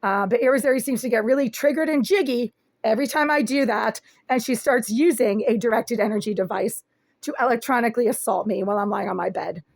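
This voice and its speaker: Raspy-voiced aggrieved woman vlogging from home. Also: fairly high pitch, fast, dry recording. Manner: aggrieved, detailed, insistent. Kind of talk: first-person complaint video. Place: small apartment room, indoors.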